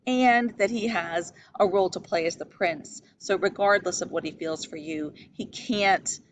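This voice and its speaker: A woman's voice: on the low side, measured pace, a little hiss or hum, poor audio. A woman teaching a lecture on a play, explaining patiently, asking questions and stressing key words. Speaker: literature teacher.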